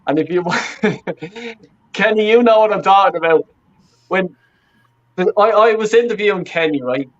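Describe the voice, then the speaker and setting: Fan-channel interviewer, high voice, dull lo-fi sound, giggly storyteller. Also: male voice, moderate pace, pauses often. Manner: excitable, laughs a lot, keeps saying "right?". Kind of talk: casual chat.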